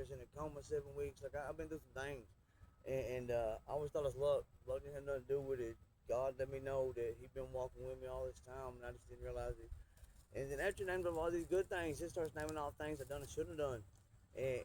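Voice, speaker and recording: A man giving an earnest, halting spoken testimony, often repeating words and restarting. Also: medium pitch, dark tone, a little hiss or hum, rough recording. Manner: earnest and intense. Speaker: person giving a religious testimony.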